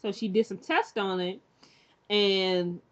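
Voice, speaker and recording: A woman's voice: mid-range voice, fairly even intonation, slow, a bit bright. Rambling woman recapping a show, lo-fi. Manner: rambling, many fillers and restarts; chatty and candid, acts out characters' lines. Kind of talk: casual recap chat.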